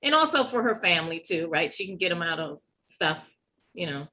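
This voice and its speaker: A woman co-hosting a casual TV recap chat, giving measured, thoughtful opinions. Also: on the low side, sing-song, sharp tone, rough recording. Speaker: podcast co-host.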